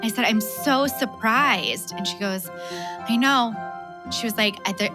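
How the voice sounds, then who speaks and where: A woman's voice: medium pitch, normal speed, over music. A woman in her thirties, a mother and guest, telling a family story with frequent laughter. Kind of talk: storytelling interview.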